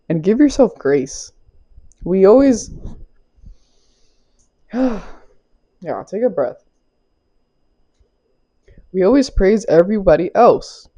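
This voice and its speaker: Speaking through a small clip-on mic, a young tarot reader with a warm, lowish voice keeps her spiritual reading casual. She chats loosely, laughs a lot, and swears without fuss.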